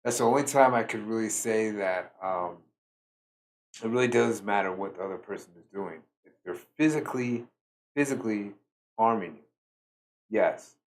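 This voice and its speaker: A tired man giving a slow, reflective solo talk as a spiritual teacher, pausing often with fillers. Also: fairly low pitch, a little hiss or hum. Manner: slow, musing, with many fillers.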